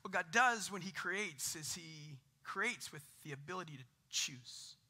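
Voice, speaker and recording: A man's voice: on the high side, expressive, unhurried, sharp tone. A man, preaching a conversational sermon with jokes and rising emphasis. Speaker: pastor.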